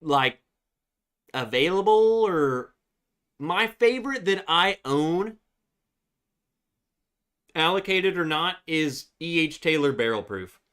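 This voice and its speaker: A man's voice: a little high, lively intonation, takes it slowly, pauses often, fairly bright tone, smooth. A man casually chatting on a live stream, rambling with lots of fillers and restarts. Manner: rambling, filler-heavy, baby talk to his dog.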